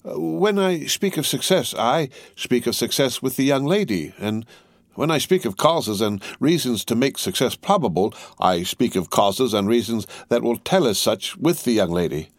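A man voicing a pompous, blustering barrister who talks in a loud, indignant, hectoring way. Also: mid-range voice, expressive, moderate pace, dry recording, voice pushed up, close to an everyday voice. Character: blustering, pompous male barrister, self-assured.

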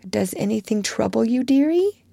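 A spirited, blunt young woman, as a woman reading a storybook puts her on. She talks in a low, close, dry voice, brisk when she scolds and gentle when she comforts. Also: big pitch swings, no room sound. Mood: tender. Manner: brisk, scolding, then softly coaxing.

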